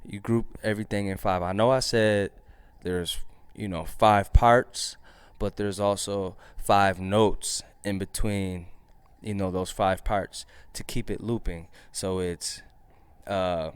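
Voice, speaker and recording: A man teaching a drum lesson in a relaxed, chatty way, counting rhythms out loud. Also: fairly low pitch, measured pace, over loud music.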